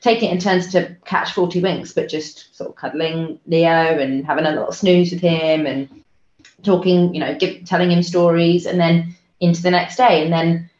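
A woman guest telling an emotional personal story, soft-spoken and halting, with many fillers and restarts. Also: on the low side, steady tone. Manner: soft-spoken, trying to hold it together. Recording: roomy, dull lo-fi sound.

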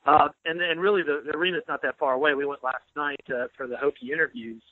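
Calling in to a laid-back podcast, this male sports columnist spins joking stories quickly in a slightly high voice, loud and full of fun. The recording is dry, with the thin, tinny quality of a phone line.

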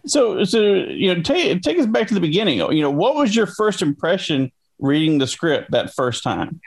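A man interviewing a guest, asking questions in a halting, casual way with many restarts. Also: high-pitched, big pitch swings, creaky, husky.

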